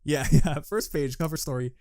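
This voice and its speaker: A man co-hosting a casual fan podcast, excitable and quick to laugh. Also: a little high, no echo, clean studio sound. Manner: laughs often, excitable, loose. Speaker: podcast co-host.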